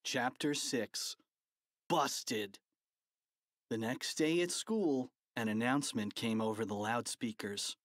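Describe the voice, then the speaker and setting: A narrator reading a children's audiobook with an animated, playful delivery. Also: mid-range voice, slow pace, no echo, clean studio sound.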